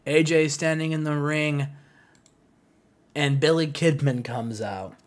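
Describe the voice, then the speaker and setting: A man hosting a gaming show, narrating a wrestling sim in an excited, casual way. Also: on the high side, takes it slowly. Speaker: host.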